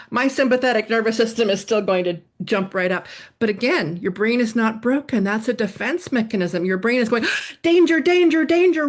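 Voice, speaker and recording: A woman psychotherapist explaining ideas in a podcast interview, animated, acting out examples as she goes. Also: medium pitch. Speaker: psychotherapist guest.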